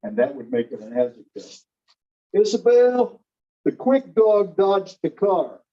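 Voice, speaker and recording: A man's voice: high-pitched, big pitch swings, unhurried, highs cut off. A man teaching a grammar class, patiently calling on students by name and explaining parts of speech.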